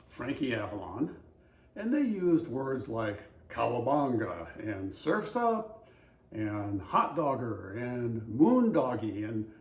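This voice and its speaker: A man's voice: mid-range voice, darkish tone, echoey room, rough recording. An older man from Southern California who tells anecdotes in an easygoing, wry, anecdotal way and reads a passage aloud for a voice-over audition. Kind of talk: casual storytelling and read-aloud passage.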